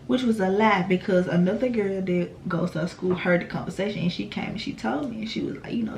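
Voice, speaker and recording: A woman's voice: fairly low pitch, steady tone, fast, gravelly, hardly any pauses, darkish tone, slight background noise. A young adult woman telling a personal story to her viewers in a casual, slangy, profane way. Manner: addresses viewers directly. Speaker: vlogger.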